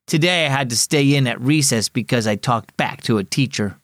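A man's voice: mid-range voice, fairly quick, fairly bright tone, no echo, clean studio sound. Man voicing a young schoolboy, glum, muttering, stammering, storybook reading. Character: troubled schoolboy, glum and discouraged.

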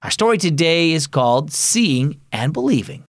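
Male narrator for a kids' devotional, lively and clear, dry studio read. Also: fairly high pitch, normal speed, no room sound. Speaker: host and story narrator. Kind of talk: scripted narration for a children's devotional.

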